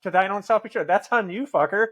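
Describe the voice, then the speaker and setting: A middle-aged man speaking in a fairly high register, swearing freely as he lectures with tough-love bluntness. His delivery is emphatic and preachy, like a recovering addict who has earned the right to call people out. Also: quick pace, a bit bright. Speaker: podcast guest, author in recovery. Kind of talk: blunt conversational storytelling.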